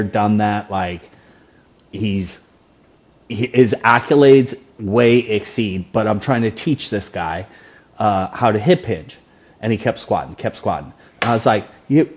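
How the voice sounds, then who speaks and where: Blunt low-voiced man, lo-fi sound. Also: a little mellow. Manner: loose and blunt, swears freely, story-driven. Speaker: guest. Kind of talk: casual podcast storytelling. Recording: dull lo-fi sound.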